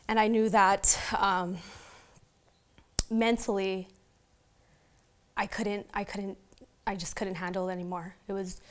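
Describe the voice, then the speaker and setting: Casting: young Southern Californian woman, interview guest, mid-pitch, earnest and halting delivery. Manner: halting, many restarts and fillers. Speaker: interview guest, retired boxer. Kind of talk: emotional sit-down interview.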